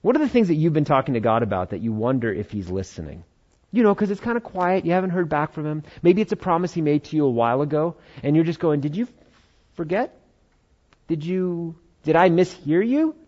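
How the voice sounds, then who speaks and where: A man's voice: on the high side, big pitch swings, quick pace, darkish tone. Man preaching casually, slightly muffled. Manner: conversational preaching, acts out Bible dialogue in voices. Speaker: pastor. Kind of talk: sermon.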